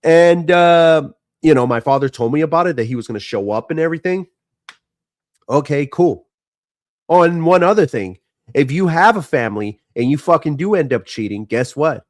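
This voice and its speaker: A man's voice: fairly high pitch, lively intonation, fairly quick, dry recording, studio quality. Profane, fired-up man telling a story. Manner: frank, profane, emotional venting. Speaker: streamer. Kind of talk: casual personal storytelling.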